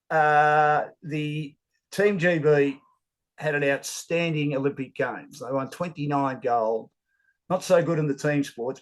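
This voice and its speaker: Aussie sports broadcaster guy, middle-aged, chatty storyteller in an interview, lots of uhs. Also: a little high. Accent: Australian. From Australia. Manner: animated storyteller, casual filler words.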